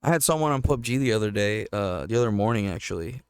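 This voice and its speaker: A man's voice: on the low side, lively intonation, fast talker, clean tone, no room sound. A young man from Missouri co-hosting a podcast, chatting casually and cursing as he tells stories. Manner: profane, storytelling with acted quotes. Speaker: podcast co-host. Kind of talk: casual chat.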